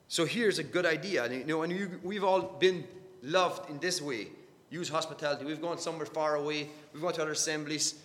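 A man preaching a sermon in a church hall, earnest and halting, often repeating his words as he searches for the next phrase. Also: fairly high pitch, pushed and bright. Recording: long hall reverb.

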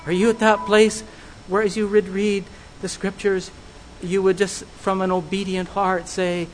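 A high-pitched male preacher delivers a sermon in an earnest, measured way. He speaks in steady phrases and turns to his listeners with searching questions. A faint hum sits behind his voice. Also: low-quality recording.

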